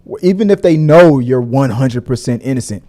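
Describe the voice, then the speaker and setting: Animated man hosting a casual chat. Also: fairly quick. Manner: animated, laughs often, breaks into high mocking voices. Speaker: podcast host.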